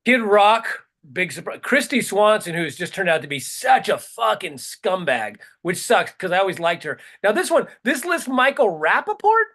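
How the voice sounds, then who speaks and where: Man co-host, bright voice, sarcastic profane rant. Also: high voice, very animated, moderate pace, hardly any pauses. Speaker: podcast co-host. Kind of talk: casual comedic chat.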